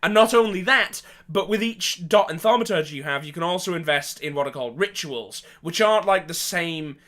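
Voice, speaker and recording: A man's voice: on the high side, brisk, sharp tone. A man hosting a podcast, telling a rambling, casual story from his tabletop games, full of fillers and restarts and with the odd offhand swear. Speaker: podcast host.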